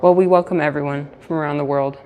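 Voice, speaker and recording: A woman's voice: low-pitched, steady tone, quick pace, narrow, tinny audio, a little hiss or hum. A woman from the United States chatting casually on a live stream from a hotel room, rambling with lots of fillers and restarts. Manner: trying to keep her voice down. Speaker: livestreamer.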